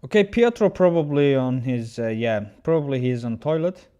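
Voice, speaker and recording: Male chess streamer, mid-pitched, chatty and halting, chats with viewers between moves. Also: lively intonation, mellow, clean tone. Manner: chatty, reads viewer messages aloud and answers them; halting, often restarts his sentences. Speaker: chess streamer commenting a game. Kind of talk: casual livestream chess commentary.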